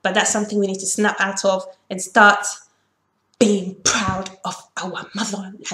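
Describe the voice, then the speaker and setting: A woman's voice: mid-range voice, little pitch movement, moderate pace, bright, forceful tone. Emphatic woman vlogger in an echoey room. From Ghana. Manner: emphatic, lecturing directly to viewers. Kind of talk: opinion vlog to camera.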